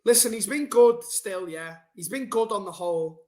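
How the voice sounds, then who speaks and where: A man's voice: high-pitched, animated, moderate pace, a little mellow. A young man ranting bluntly and casually to his chat during a football live stream, swearing and using slang.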